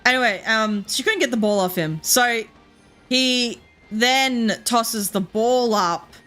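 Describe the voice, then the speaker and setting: An Australian woman streaming a game, chatting casually and rambling through a story with frequent laughs and quick asides. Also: fairly high pitch, pushed and bright, faint music behind. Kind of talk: casual chat while playing.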